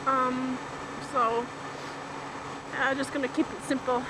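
A middle-aged woman vlogs from her bike, chatty and rambling, laughing easily between thoughts. Her voice sits a bit high and her pace is slow and unhurried. Loud road and wind noise runs under every word. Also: flat delivery. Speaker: vlogger riding a motorcycle. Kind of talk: casual chat while riding. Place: outdoors on a bike.

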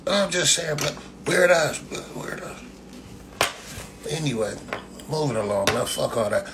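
A man's voice: on the high side, expressive, normal speed, background noise. A man ranting bluntly on a casual livestream, lecturing with rhetorical questions and repeating the same slang address constantly. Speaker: livestream host answering chat.

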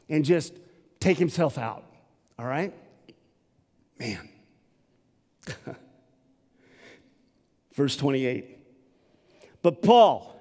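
A male pastor giving a sermon and telling its story in a lively, dramatic way. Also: high-pitched, in a large hall.

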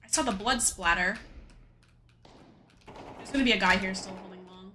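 A woman's voice: medium pitch, moderate pace, bright, forceful tone, slight background noise. A young woman streaming a shooter game, chatting casually with a valley-girl way of talking full of "like". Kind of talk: casual gaming stream chat.

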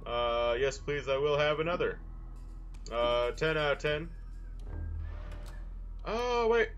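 A man's voice: mid-range voice, fairly even intonation, a little slow, fairly bright tone, lo-fi sound, soft background music. A young man casually commenting on his gameplay in a goofy way, full of silly mild exclamations. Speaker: gameplay video host. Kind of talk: casual let's-play commentary.

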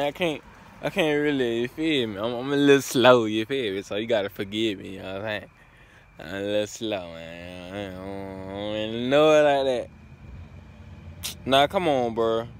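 A man talks slowly through a casual vlog in an easygoing, slangy way, tripping over words and laughing at himself. His pitch sits in the middle range. A faint hum runs behind him. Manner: laid-back slang, stumbling over words, chuckling. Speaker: vlogger.

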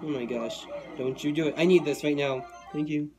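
A young man giving live gameplay commentary, excitable and quick to vent frustration at the game. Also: fairly high pitch. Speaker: gaming YouTuber. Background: game music.

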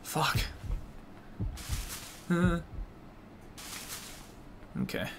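A young man commentating his own horror game live, talking to himself, swearing and yelling in frustration. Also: a little high, huge pitch swings, drawn-out words, a little hiss or hum. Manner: swears a lot, talks to himself, yells in frustration. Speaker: streamer playing a horror game.

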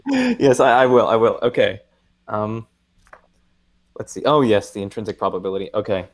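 A young adult man, a guest in a casual video discussion, playful and quick to laugh. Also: fairly low pitch. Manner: playful, laughing easily, lively.

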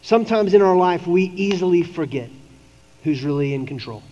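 A man's voice: high-pitched, animated, moderate pace, mellow. A man preaching a sermon as a pastor, in a casual, conversational way, slipping into playful voices for the people in the story. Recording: dull lo-fi audio with long hall reverb.

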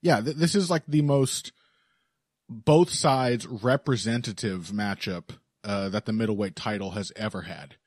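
A man's voice: lowish voice, measured pace, a little mellow, husky, no echo. A man co-hosting a casual podcast, talking with dry, wry humor. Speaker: podcast co-host.

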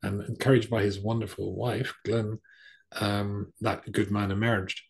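Middle-aged male rabbi telling a story in a sermon, husky gravelly voice, lots of ums. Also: on the low side, level tone, measured pace. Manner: conversational, with frequent fillers and restarts.

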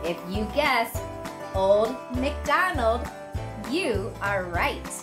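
Woman, pre-K teacher, slow unhurried delivery, playful animal noises, children's music under the voice. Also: on the high side, animated. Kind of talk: televised lesson for young children. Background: light children's music.

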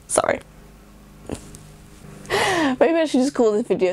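Young English woman, chatty vlogger who rambles; animated intonation, dry close recording. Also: on the high side, moderate pace, long pauses, no room sound. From England. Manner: chatty, rambling, self-deprecating. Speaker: YouTuber. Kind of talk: rambling casual vlog chat.

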